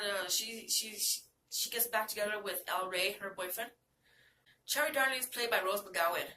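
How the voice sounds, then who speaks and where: A young woman from New Mexico rambles excitedly and profanely about her favorite movie heroines. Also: medium pitch, a little hiss or hum. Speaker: vlogger. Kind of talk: casual movie-list chat. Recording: roomy, from a distance.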